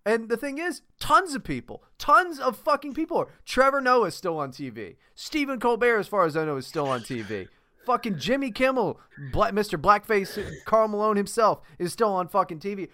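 A man's voice: sits high, very animated, normal speed, bright, forceful tone. A man co-hosting a podcast in casual, profane, rambling chat, often breaking into laughter. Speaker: podcast co-host.

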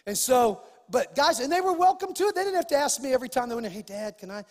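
High-voiced pastor preaching in a reverberant hall. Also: male voice, expressive, fast talker. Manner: preaching with acted-out dialogue and rising emphasis. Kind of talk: sermon.

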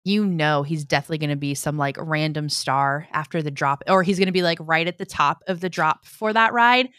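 A woman's voice: low voice, fairly bright tone, dry recording, clean studio sound. A woman hosting a live-streamed podcast, chatting casually in a bubbly, talkative way. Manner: bubbly, chatty, quick to laugh. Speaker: podcast host.

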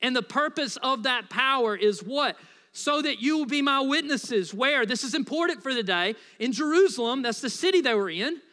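A man from the United States preaches a sermon in a high, bright voice. He talks to the congregation casually and playfully, with plenty of asides. The recording carries the long reverb of a church hall. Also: expressive, moderate pace. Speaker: pastor.

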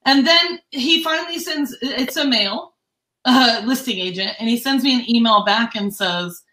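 A woman real estate agent tells a story to friends with animated, profane energy, switching voices for quotes. Her voice sits high and sounds bright and sharp. The room around her rings with echo. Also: normal speed. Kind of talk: casual storytelling in a group chat.

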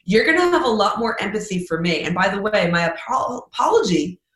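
A bright, forceful woman speaking as a guest on a podcast. She talks with lively emphasis and slips into little acted-out exchanges to make her points. Her voice rings in a roomy space. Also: medium pitch, a little fast. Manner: animated, emphatic, acts out example dialogue. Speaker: author and guest. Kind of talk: podcast interview.

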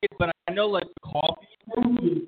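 A man's voice: sits high, measured pace, husky. A man co-hosting a casual chat over beers, musing unsurely and teasing his partner. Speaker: podcast co-host. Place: brewery bar. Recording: tinny phone-like sound.

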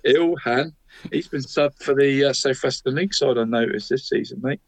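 A man talks through local football results in an easy, chatty podcast manner. His voice sits in a middle pitch, and he peppers his lines with "mate" and little chuckles. The sound is dry and close, with no room behind it. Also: normal speed, no echo, poor audio. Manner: chatty, tags nearly every line with 'mate', chuckles at his own jokes. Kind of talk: casual sports chat.

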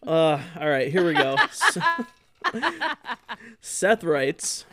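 A man hosting a rowdy podcast chat, his voice a little higher than most men's. He jokes, laughs loudly and reads listener emails out loud in a loose, casual way. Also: lively intonation, very slow. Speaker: podcast co-host.

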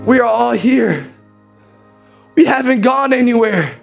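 A man playing the apostle Paul, calm and reassuring, inside a sermon story. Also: extremely high pitch, creaky, soft background music, voice pushed up, exaggerated voice. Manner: slow, reassuring.

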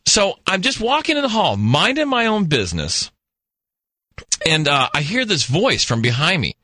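A man's voice: a little high, wildly swooping pitch, moderate pace, sharp tone, no echo. A male radio host telling a rambling, jokey story on air into a studio mic. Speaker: radio talk show host. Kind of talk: talk radio monologue.

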